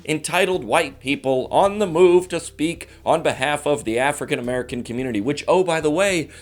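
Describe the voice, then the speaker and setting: A man in his thirties hosting a comedy show, ranting fast to camera and slipping into mock voices. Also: on the high side. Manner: rapid, animated rants with mock voices. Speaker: comedian host.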